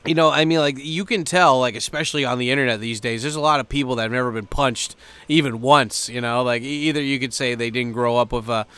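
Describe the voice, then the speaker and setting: A man's voice: medium pitch, fast, bright, forceful tone, clean tone, dry recording. A man vlogging in a loose, rambling way, swearing freely and leaning on fillers. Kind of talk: casual chat to camera.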